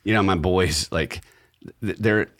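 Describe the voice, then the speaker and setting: Deep-voiced man hosting a dads' chat. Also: a little slow, no room sound. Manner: steers the talk, thoughtful storyteller. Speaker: host. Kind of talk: casual podcast discussion.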